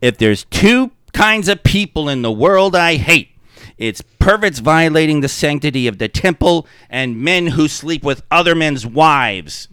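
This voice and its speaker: A man's voice: a little high, expressive, measured pace, fairly bright tone, clean tone, dry recording, voice pushed up. Man doing an indignant half-orc constable. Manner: indignant ranting.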